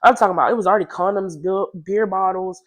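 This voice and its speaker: Young woman spilling a storytime, loose and slangy, pops up high when she quotes people. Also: fairly even intonation, quick pace. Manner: chatty and slangy, jumps into higher voices to quote others. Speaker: vlogger telling a story. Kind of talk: casual storytime.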